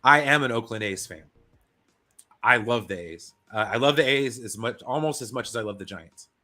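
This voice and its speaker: A man with a bright, sharp voice from Northern California talks sports on a stream. He is enthusiastic and casual, swearing freely and calling everyone "dude.". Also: mid-range voice, normal speed. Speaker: guest co-host.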